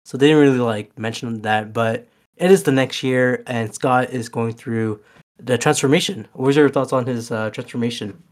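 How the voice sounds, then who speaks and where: A man's voice: mid-range voice, normal speed. Easygoing young-sounding man recapping a movie. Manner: rambling, many fillers and restarts, laughs often. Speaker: podcast co-host. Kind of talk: casual movie rewatch chat.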